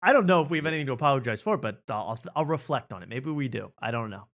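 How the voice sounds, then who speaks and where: A man's voice: mid-range voice, animated, fast talker, a bit bright. A man hosting a casual talk show, laughing often and repeating catchphrases. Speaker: host. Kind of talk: casual podcast chat.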